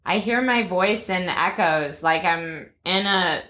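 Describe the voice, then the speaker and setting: A woman guest chatting casually, giggly and expressive as she reacts. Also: lowish voice, slow, roomy sound, slight background noise. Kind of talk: casual chat.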